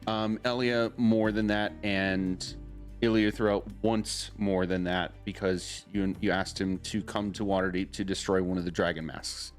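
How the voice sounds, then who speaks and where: A man's voice: deep voice, level tone, unhurried, soft background music. A man acting as game master, casually and patiently explaining what the players know, laughing often. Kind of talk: casual chat among players.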